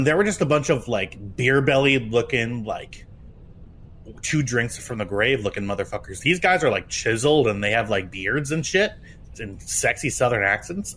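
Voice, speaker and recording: A man in casual chat, telling a story with swearing, laughter and animated quoting. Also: medium pitch, normal speed, a little hiss or hum.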